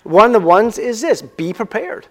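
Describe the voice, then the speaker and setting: This male pastor speaks in a high-pitched, sing-song voice during a conversational sermon, posing questions to listeners and drawing out key words for emphasis.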